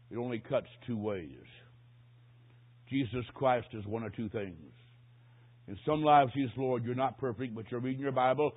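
Male preacher, dramatic sermon, hushed-to-loud delivery, husky voice, phone-like recording. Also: mid-range voice.

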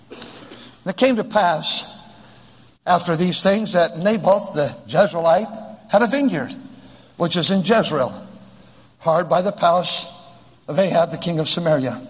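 Husky high-voiced preacher in an echoing hall. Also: male voice. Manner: emphatic, repeats phrases, stops to comment. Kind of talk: fiery sermon with scripture reading.

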